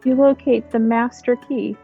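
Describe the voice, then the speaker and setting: A woman reading as a monotone doll maid. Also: fairly high pitch, a little slow, breathy edge, phone-quality sound, faint music behind, exaggerated voice. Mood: formal. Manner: monotone, formal. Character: polite eerie doll servant, female.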